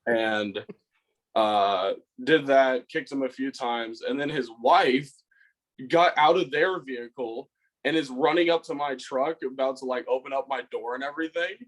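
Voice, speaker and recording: A man's voice: medium pitch, measured pace, poor audio. A young man on a podcast telling a rambling, swear-filled story about a fight, acting out what he said. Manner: rambling, swears a lot, acts out his own lines. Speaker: podcast co-host. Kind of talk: casual storytelling.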